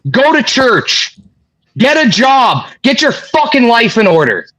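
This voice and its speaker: Man, high voice, angry, profane, ranting, livestream chat. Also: very animated, a little slow, bright, forceful tone, low-quality recording.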